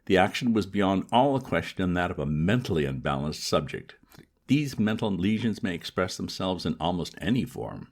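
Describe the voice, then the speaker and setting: A man reading aloud, voicing a pompous, indignant older gentleman in a formal, lofty manner. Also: low-pitched, big pitch swings, normal speed, exaggerated voice.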